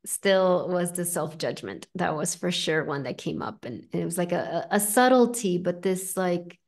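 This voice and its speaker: Gentle woman leading a spiritual talk. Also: on the low side, moderate pace, gravelly. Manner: gentle, reflective, many fillers like "right?" and "like". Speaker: host and spiritual teacher. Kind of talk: guided spiritual talk with meditation.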